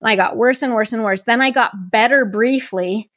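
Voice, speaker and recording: A woman podcast host telling a candid personal story in an earnest, animated way, acting out her own inner voices. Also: a little high, moderate pace, dry recording, clean studio sound.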